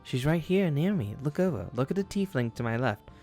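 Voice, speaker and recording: A man voicing a gracious woman royal cleric who gushes with courtesy, speaking in halting bursts in a tabletop game. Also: a little high, big pitch swings, dark tone, soft background music. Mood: polite.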